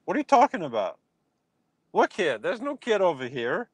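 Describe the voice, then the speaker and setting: Animated man chatting on a live stream. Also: high voice, moderate pace, husky, no room sound. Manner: animated, talks back to chat comments. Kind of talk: casual live-stream chat. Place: outdoors in a yard at dusk. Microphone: phone.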